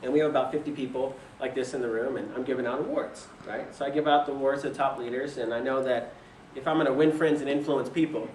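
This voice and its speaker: A man's voice: mid-range voice, fast talker, few pauses, slight background noise. A young man telling a story in a casual way, laughing often and acting out what other people said. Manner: animated, laughs often, quotes people in voices. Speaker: speaker telling his business story. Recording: roomy echo from a distant mic.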